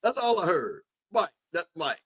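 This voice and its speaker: A man's voice: high voice, normal speed, very noisy. A man joking and trash-talking in casual sports banter. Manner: joking, animated, Southern Black vernacular. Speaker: co-host.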